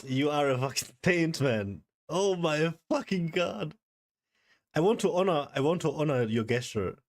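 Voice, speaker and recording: Young male streamer, fairly high voice, stunned and gushing, casual slang. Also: a little slow. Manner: excited, stunned, swearing, calls everyone bro. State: overwhelmed, shaking. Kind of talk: live stream reaction chat.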